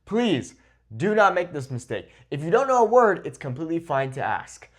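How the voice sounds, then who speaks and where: A man with a voice a little higher than usual talks through his tips as a Spanish teacher. His delivery is informal and lively, and he keeps checking in with short "okay?" and "right?" asides. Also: normal speed. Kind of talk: conversational teaching to camera.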